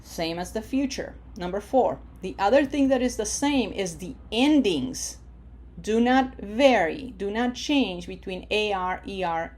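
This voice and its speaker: Woman teacher, unhurried, drawn-out vowels, frequent check-ins, mid pitch. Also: a little mellow. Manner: models words slowly with drawn-out vowels, frequent "okay?" checks. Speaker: Spanish teacher. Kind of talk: slow, deliberate language lesson.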